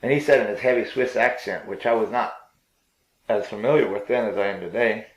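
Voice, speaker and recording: An older man telling his life story in a rambling, halting way, with many fillers and restarts. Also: lowish voice, echoey room, rough recording. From Pennsylvania.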